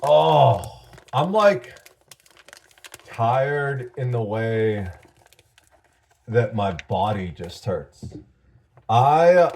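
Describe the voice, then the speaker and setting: A sleep-deprived man in a casual vlog, talking in a halting, rambling way and short of breath. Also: medium pitch, darkish tone. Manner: rambling, halting, with fillers and laughs. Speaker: vlogger.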